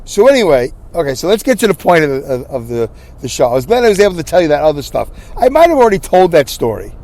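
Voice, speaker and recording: Animated, exasperated male podcast host. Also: a little high, fast talker. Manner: animated, exasperated ranting with repeated restarts. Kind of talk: casual storytelling monologue.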